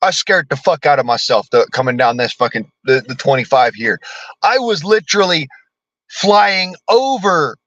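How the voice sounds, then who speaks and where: A man's voice: medium pitch, animated, fairly quick, a bit bright, dry recording, lo-fi sound. An American man delivering a profane, blunt political rant as a vlogger, cursing constantly and talking combatively.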